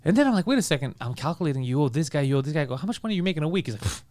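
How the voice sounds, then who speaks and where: A man talks quickly in a fairly high voice. He is a podcast co-host spinning a comic story, acting out what his friends said. He is recorded on a studio podcast mic. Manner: rapid, animated, acts out quoted friends. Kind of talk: casual comedic storytelling.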